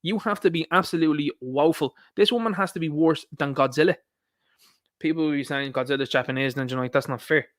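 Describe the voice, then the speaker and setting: Recorded dry and up close without echo, a fairly high-voiced man rants alone about politics in a combative way, quick to drop swear words.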